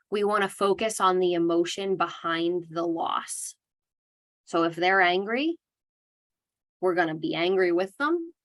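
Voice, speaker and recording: Young woman teaching about dementia care, earnest and chatty, lowish voice. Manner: earnest, conversational, acts out validating phrases. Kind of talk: educational talk.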